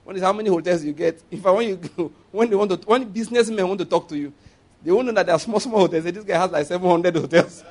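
A male preacher with a notably high voice delivers a sermon in a loose, conversational way. He throws questions back at the congregation and drifts into chatty asides. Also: quick pace. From Nigeria. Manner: conversational preaching with asides and laughter, call-and-response.

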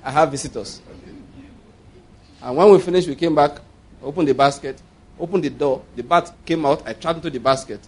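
A Nigerian man preaching a sermon as a pastor, lively, with frequent laughter and mocking asides. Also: fairly high pitch, fairly quick.

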